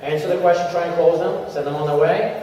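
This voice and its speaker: A man's voice: on the high side, fast. Man coaching a crowd in an echoey hall. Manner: animated, acts out little scenes in changing voices. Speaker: motivational speaker at a sales convention. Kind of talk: energetic coaching talk to a crowd. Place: large convention hall. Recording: echoey convention hall, far from the mic, dull sound.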